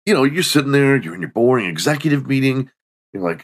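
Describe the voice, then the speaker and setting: A man's voice: medium pitch, lively intonation, quick pace. A middle-aged man hosting a solo comedy podcast, sarcastic and mocking, acting out little scenes. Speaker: podcast host.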